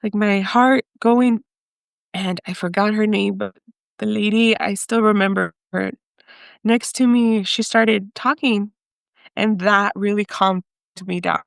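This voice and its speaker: Husky-edged woman from Mexico telling a story. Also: medium pitch, a little slow, no room sound. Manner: animated, laughs often, mixes in Spanish. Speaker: podcast guest. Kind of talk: storytelling in an interview.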